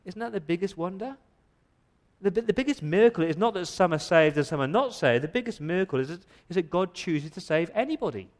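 A man's voice: high-pitched, animated, fast. Man preaching an emphatic sermon. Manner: emphatic preaching with rhetorical questions and stumbling repeats. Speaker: pastor. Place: church.

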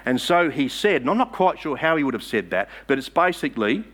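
A man's voice: fairly high pitch, very animated, brisk, fairly bright tone. A man preaching a sermon in church, emphatic and asking the congregation rhetorical questions.

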